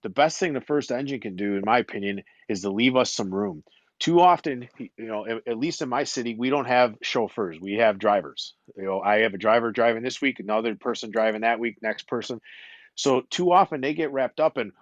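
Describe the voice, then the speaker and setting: Buffalo-accented fire captain, mid-pitched man, dry phone audio, stumbles then explains steadily. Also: fairly quick, no echo. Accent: Buffalo, New York. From Buffalo, New York. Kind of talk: casual panel discussion. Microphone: phone in an audio chat room.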